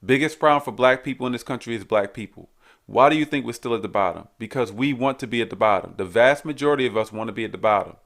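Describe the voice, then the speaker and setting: A man's voice: medium pitch, fast talker, gravelly, a bit bright. A man hosting his own show, delivering a blunt, preachy ranting monologue full of repeated rhetorical questions. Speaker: host.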